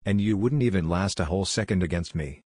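A man voicing a crude, hot-headed woman ninja in a narrated fan fiction story, with a deep, dry voice close to his own. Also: fast talker, a little mellow, dry recording. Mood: enraged. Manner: crude threats.

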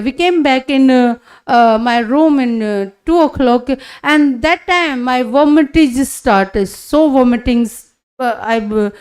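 A woman, giving a personal testimony at a church conference in halting, broken full of hesitations. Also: sits high, darkish tone.

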